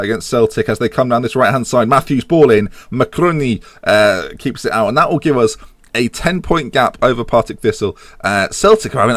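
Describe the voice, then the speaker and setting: An English man with an English accent giving casual, excitable commentary over a football management game, humming tunes and bursting into loud reactions. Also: medium pitch, no echo. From England. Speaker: gaming YouTuber.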